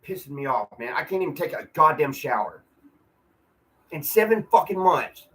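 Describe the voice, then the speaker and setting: A man's voice: on the high side, lively intonation, moderate pace, fairly bright tone, rough recording. A man venting in a casual, profane, rambling monologue at home, often restarting his sentences. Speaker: vlogger. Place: apartment.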